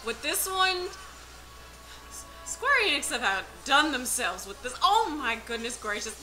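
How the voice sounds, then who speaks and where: A woman's voice: fairly high pitch, sing-song, normal speed, bright, forceful tone, rough recording. A young woman reacting to a video trailer, gushing and squealing with repeated exclamations. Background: trailer music playing faintly.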